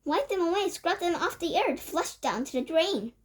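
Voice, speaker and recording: A woman voicing a shrill, excited crowd of female witches, chanting in a high squeal. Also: a little slow, heavily acted. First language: Korean.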